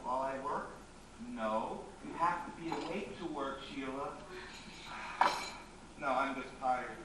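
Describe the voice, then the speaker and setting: An actor on a theatre stage playing an anxious, rambling, self-mocking middle-aged writer, recorded from far off in an echoey, noisy hall. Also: male voice, medium pitch, unhurried, lightly acted. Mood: frazzled. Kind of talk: live stage acting. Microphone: distant room mic.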